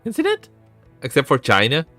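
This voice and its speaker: A man's voice: mid-range voice, wildly swooping pitch, moderate pace, bright, forceful tone, faint music behind. A man with a sore throat, hosting a casual live stream, rambling and often interrupting himself. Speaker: VTuber streamer and host.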